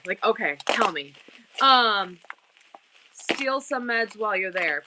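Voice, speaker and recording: A middle-aged woman hosting an online auction live stream, chatting casually and bubbly with viewers, tossing in quick asides to the chat. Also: mid-range voice, animated, noisy background.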